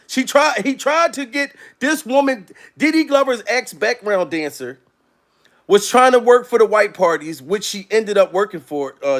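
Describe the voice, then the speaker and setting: A man's voice: very high voice, a bit bright. A man doing comedic gossip commentary in an over-the-top style, full of repeated catchphrases and mock-dramatic bits. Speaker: commentary vlogger.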